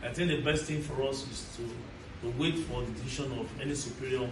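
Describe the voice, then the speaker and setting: Man, police spokesman, formal, halting, distant mic, roomy, noisy. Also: medium pitch, steady tone. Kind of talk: official statement to press.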